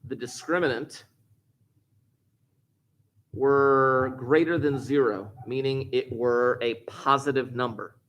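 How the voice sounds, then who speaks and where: A man's voice: mid-range voice, fairly bright tone. A man teaching a class, explaining step by step and repeating key points, recorded in a classroom. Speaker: math teacher. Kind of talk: classroom lecture.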